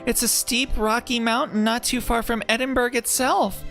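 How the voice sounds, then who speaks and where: A streamer voicing a polite, earnest young woman companion while reading game dialogue aloud, in a gentle, informative manner. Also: mid-range voice, fairly even intonation, moderate pace, gravelly, soft background music, voice pushed up.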